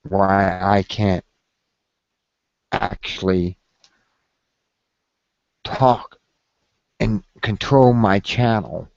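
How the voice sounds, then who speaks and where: A man with a lowish voice rants slowly and profanely on a casual vlog, drawing out his grievances. The sound is dry and dull, like a lo-fi home recording. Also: creaky, darkish tone, no room sound. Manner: slow, rambling, profane complaining. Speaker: video blogger.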